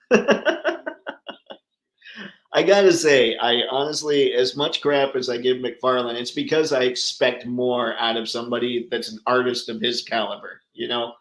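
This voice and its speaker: A man's voice: medium pitch, a little slow, fairly bright tone, echoey room, low-quality recording. A man hosting a casual livestream chat, talking enthusiastically and answering viewers by name. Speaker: livestream host.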